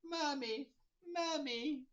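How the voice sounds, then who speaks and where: A man voicing a grown male superhero who sobs and calls for his mommy in a high, whimpering wail. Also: drawn-out words, a bit bright, heavily acted. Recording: dull lo-fi recording.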